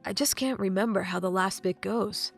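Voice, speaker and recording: A woman's voice: medium pitch, normal speed, gravelly, faint music behind. A woman reading the lines of an awkward, earnest young male hero in an audiobook. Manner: hesitant, mumbling. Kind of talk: audiobook character voice.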